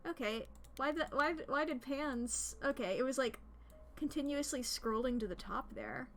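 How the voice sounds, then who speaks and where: A woman's voice: sits high, moderate pace, fairly bright tone, soft background music. A woman streaming a game, chatting to her viewers in a rambling, giggly way, close to a desk microphone. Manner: rambling, giggly, talks to chat. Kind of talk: casual gaming stream commentary.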